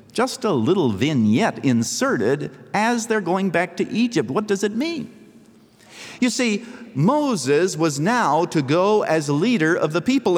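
A man preaching a sermon as pastor, animated, his voice swinging up and down to drive points home. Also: mid-range voice. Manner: animated preaching, voice rising and falling sharply. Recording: long reverb of a large hall.

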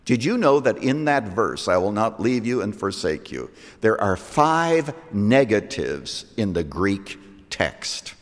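A man preaching a sermon, slow and emphatic, rising to loud peaks and dropping to hushed lines. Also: fairly low pitch, very animated. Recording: long hall reverb.

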